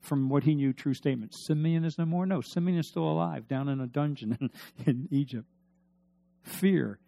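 A man's voice: mid-range voice, normal speed, creaky, dark tone. A man preaching a sermon, reading scripture aloud and stressing points with questions to his listeners. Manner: emphatic, asks the congregation questions. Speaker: pastor.

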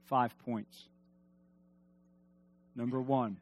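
A man preaching a sermon in an emphatic, animated way, asking the congregation to respond. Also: mid-range voice, moderate pace, pauses often. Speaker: pastor.

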